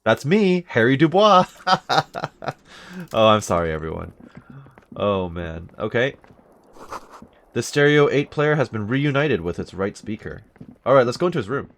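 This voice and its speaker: A man's voice: on the low side, lively intonation, moderate pace, gravelly, long pauses. A man casually commenting on a video game as he plays, reading dialogue aloud with chatty, jokey asides. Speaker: let's play host.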